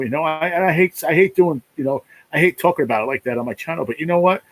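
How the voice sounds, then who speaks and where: A man's voice: a little high, quick pace, hardly any pauses, husky, rough recording. A man hosting a casual live stream, talking in a rambling, emotional way, full of "you know", and close to tears. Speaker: livestream host.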